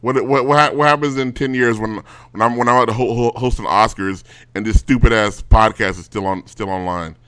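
Bright-voiced ranting man. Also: medium pitch, steady tone, a little fast, clean tone. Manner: ranting, exasperated storytelling with lots of restarts. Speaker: podcast co-host. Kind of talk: casual podcast chat.

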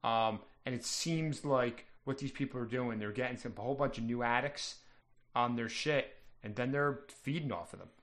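A man narrating as a tabletop game master at a mid pitch. He explains at an easy pace, with frequent "um"s. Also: normal speed. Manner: relaxed, filler-heavy explaining.

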